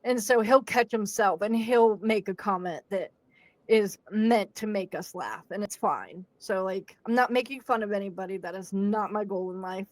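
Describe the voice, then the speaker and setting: This podcast host, a young adult woman, chats casually as she tells a story, voicing quotes with laughter and plenty of animation. Her mid-range voice moves at a moderate pace, and no room sound can be heard.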